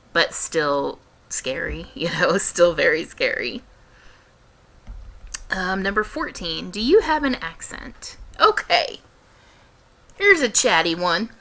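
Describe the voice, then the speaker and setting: A young woman with a light Midwestern American accent takes her time in a casual Q&A vlog, choosing words carefully and deliberately. Her voice is a little low, bright, forward, and creaky. She often pauses, says um, and restarts as she thinks aloud.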